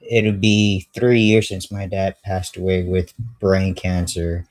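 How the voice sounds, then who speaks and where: A man calls in to a faith program with a somewhat low voice. He speaks earnestly, restarting his sentences and leaning on "you know" as he offers comfort. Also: level tone, takes it slowly, a little mellow. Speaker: caller. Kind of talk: call-in talk, preaching comfort.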